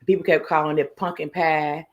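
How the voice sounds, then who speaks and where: A woman's voice: low voice, moderate pace. Woman hosting a laid-back live stream. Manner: animated storyteller, laughs often, swears freely; greets chat viewers by name. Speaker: livestream host. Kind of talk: casual live-stream chat.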